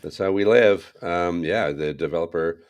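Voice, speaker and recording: A man's voice: low-pitched, moderate pace, clean tone. A man co-hosting a tech podcast, chatting casually with wry, sarcastic asides. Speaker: podcast co-host.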